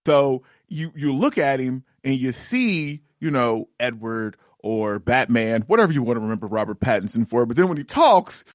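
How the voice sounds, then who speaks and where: A man in an easygoing gaming podcast chat, talking in loose, rambling sentences full of restarts. His voice sits at a middling pitch and is recorded close and dry, with no room sound. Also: lively intonation, moderate pace, few pauses, no echo. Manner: rambling, lots of fillers and restarts, laughs easily. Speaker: podcast co-host.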